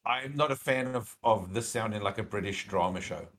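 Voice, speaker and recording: A man's voice: lowish voice, fairly quick, fairly bright tone. A man talking through his opinions on a casual podcast, often stalling on fillers and restarting his sentences. He gets more insistent and emphatic when he pushes back on a point. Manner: rambling, hesitant, with many fillers and restarts. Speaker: podcast co-host. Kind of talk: casual chat.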